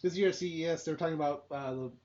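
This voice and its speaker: A man hosting a casual podcast chat, talking fast with stammered restarts and casual swearing. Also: a little high, lo-fi sound, a crowd in the background. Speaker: podcast host.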